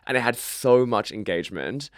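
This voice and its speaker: A man's voice: mid-range voice, animated, no room sound, studio quality. Teasing, hungover Australian man. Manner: teasing, self-mocking, quick jokes. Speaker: podcast co-host. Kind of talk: casual podcast chat. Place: studio set with a velvet sofa.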